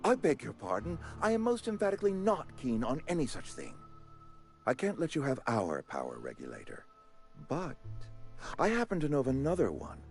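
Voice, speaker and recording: A man voicing a pompous male company town administrator in a video game, talking in a formal, ornate and smoothly persuasive way. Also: medium pitch.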